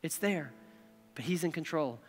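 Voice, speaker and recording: Male pastor giving a sermon, kinda high bright voice, chatty, long hall echo. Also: lively intonation, moderate pace, soft background music. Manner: conversational preaching, frequent "okay?" and "right?" asides.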